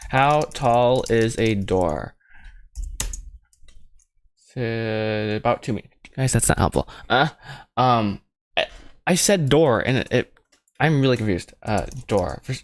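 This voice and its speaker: A mid-pitched man thinks aloud as he works, rambling and teasing himself in a loose, jokey way. The room is dry and close to the mic, with soft mouse clicks behind him. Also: big pitch swings, moderate pace, no echo. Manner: rambling, self-mocking, jokey asides to himself. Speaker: animator streaming his film work. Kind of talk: casual thinking-aloud commentary while modeling.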